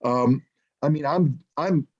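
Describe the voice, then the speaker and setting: Man, from the US, indignant, impassioned, halting restarts, raised pitch, dull lo-fi recording. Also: darkish tone. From United States. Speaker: guest commentator. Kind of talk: online panel discussion.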